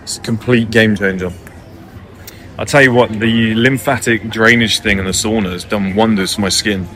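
A man's voice: fairly low pitch, steady tone, moderate pace, fairly bright tone, slight background noise. A young man talking casually to camera in a cafe, brash and joking, swearing freely. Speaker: vlogger. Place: cafe by the water.

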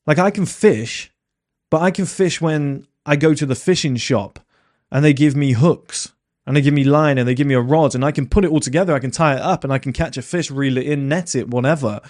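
A man's voice: fairly high pitch, fairly quick, darkish tone. A man talking bluntly to his audience in a casual monologue, asking plenty of rhetorical questions.

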